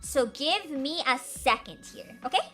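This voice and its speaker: Giggly bright-voiced young woman streamer. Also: sits high, lively intonation, a little slow. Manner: giggly, chatty, says "like" a lot. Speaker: streamer hosting a Q&A. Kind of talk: casual livestream chat. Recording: faint background music.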